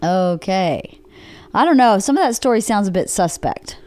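A woman's voice: mid-range voice, expressive, normal speed, darkish tone, no echo. A woman hosting a podcast in casual chat, teasing and laughing often. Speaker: podcast host.

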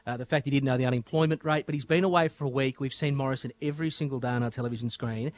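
A man with an Australian accent, a radio presenter giving animated political commentary with frequent restarts. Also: mid-range voice, rapid-fire.

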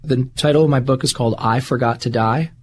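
A man's voice: medium pitch, steady tone, fast talker, darkish tone, slightly rough. A man interviewed as a guest, telling his life story in an earnest, rambling way and often repeating words. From United States. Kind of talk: candid conversational storytelling.

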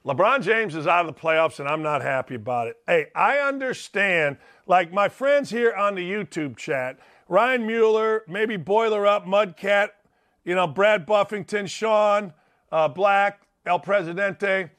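A man's voice: high-pitched, a little slow, fairly bright tone. A middle-aged man hosting a sports talk show, delivering a brash, rambling monologue and calling out to chat viewers.

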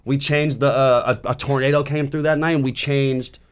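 A man's voice: mid-range voice, fairly even intonation, moderate pace, clear, resonant tone. A man in his thirties in casual chat, telling rambling stories with lots of restarts and swearing. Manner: rambling storyteller, swears freely, frequent restarts. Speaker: musician guest.

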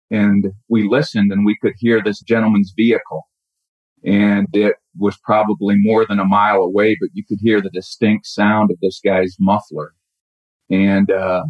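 A middle-aged man telling a personal story in a halting, reflective way with many restarts. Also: lowish voice, breathy edge, no room sound. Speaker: caller telling a true story. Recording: dull lo-fi audio.

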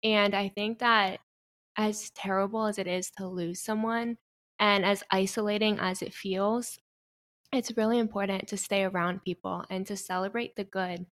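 A woman's voice: mid-range voice, fairly even intonation, moderate pace, fairly bright tone. Earnest young woman telling her story. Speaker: guest. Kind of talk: personal interview conversation.

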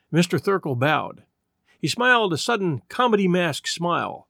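A man reading a story aloud with an expressive, dramatic delivery. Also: high voice, normal speed, creaky, dry recording, clean studio sound. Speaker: narrator.

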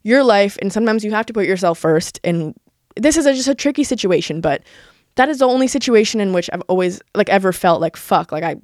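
A woman's voice: mid-range voice, expressive, darkish tone, dry recording, studio quality. A young woman in her twenties hosting a podcast, telling a personal story in a rambling, candid way, full of "like" and casual swearing. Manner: fast, filler-heavy talk with lots of "like" and swearing. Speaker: podcast host.

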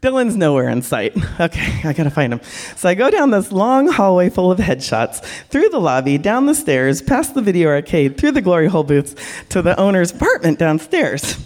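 A woman who works as a porn director, telling a frank, animated story to a live audience and acting out the voices. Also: on the low side, moderate pace.

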